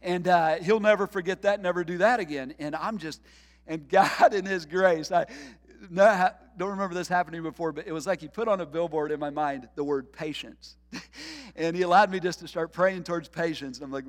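A middle-aged man, a pastor, preaching a sermon with a personal story, animated and laughing often as he acts out his own thoughts. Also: fairly high pitch, fairly quick, in a large hall.

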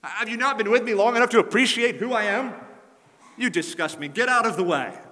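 A sneering, exasperated scold who fires off loud, rapid rebukes in a high, bright voice, as a male preacher puts him on. A long hall reverb rings behind him. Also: big pitch swings. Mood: scornful. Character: scornful impatient man scolding his followers.

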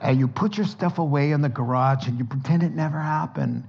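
A man preaching a sermon as pastor, telling stories with lively energy and acting out sounds and dialogue. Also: on the high side, a little fast, vocal fry, lo-fi sound, a little hiss or hum.

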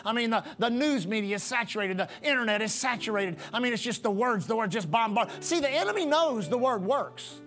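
Delivering his sermon in a remarkably high voice, a male pastor is expressive and a little fast, hardly pausing. Repetition drives his message in a rhythmic preaching cadence while soft music plays faintly underneath.

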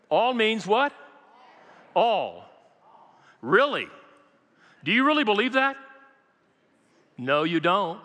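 Older man, pastor, sermon, high voice, rhetorical questions, echoey church hall. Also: sharp tone. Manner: preachy, rhetorical questions, repeats key lines. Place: church sanctuary.

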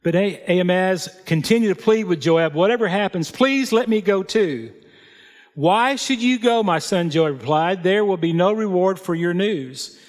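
A high, expressive male voice delivers a sermon in a hall with long reverb. He reads scripture and tells stories in an unhurried, plain manner, adding folksy asides.

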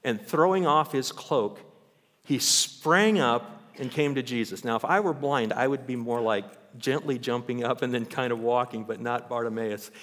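A man's voice: medium pitch, normal speed, fairly bright tone. A male pastor preaching a sermon in church. He tells Bible stories with animation and raises his voice to act them out. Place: church sanctuary. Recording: long hall reverb.

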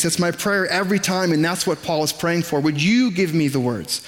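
A man preaching a sermon in a conversational, self-deprecating way, with quick asides to the congregation. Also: fairly high pitch, big-room sound. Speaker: pastor. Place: church sanctuary.

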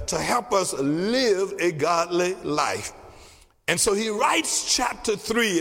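A man preaching a sermon as pastor, emphatic, repeating key phrases slowly for weight. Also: high voice, vocal fry, fairly bright tone. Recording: long reverb of a large hall.

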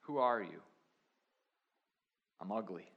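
Man preaching, hushed to loud. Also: fairly low pitch, lively intonation, takes it slowly, muffled recording. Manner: swings from hushed confessional lines to loud emphatic preaching. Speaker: pastor. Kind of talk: sermon.

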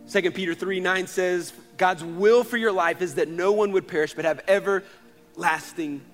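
A man in his thirties, a pastor, preaching a sermon in earnest storytelling style, moving between loud passages and hushed ones. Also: high-pitched, moderate pace, soft background music.

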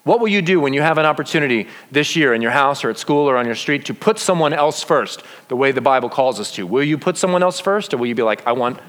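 A man's voice: mid-range voice, fast, few pauses. A man preaching a sermon as pastor, full of rhetorical questions. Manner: animated, asks many rhetorical questions. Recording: long reverb of a large hall.

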